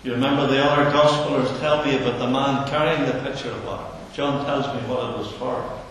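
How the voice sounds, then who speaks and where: A man preaching a sermon in an earnest, slow manner, sinking his voice low for emphasis. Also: fairly even intonation, fairly bright tone, slight background noise. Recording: echoey hall from far off.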